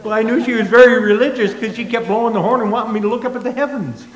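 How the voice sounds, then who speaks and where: A man's voice: very high-pitched, rapid-fire. A man doing a jokey stand-up act on a convention stage, bantering with a live audience. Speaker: comedian. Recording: roomy live venue sound with crowd. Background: audience applause and laughter.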